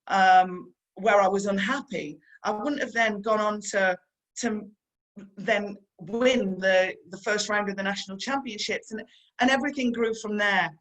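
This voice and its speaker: A middle-aged woman with a broad Yorkshire accent tells stories from her working life in a motivational talk. She sounds chatty and earnest. She repeats her key advice and turns to her listeners to address them directly. Her voice sits at an ordinary middle pitch. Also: a little slow, a bit bright, low-quality recording. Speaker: stunt performer and guest speaker.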